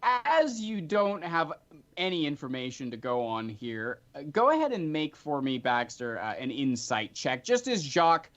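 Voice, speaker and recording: Lively game master, lo-fi sound. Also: male voice, fairly high pitch, normal speed. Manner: animated, chatty narration with frequent filler ums. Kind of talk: narrating a tabletop game. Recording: dull lo-fi recording.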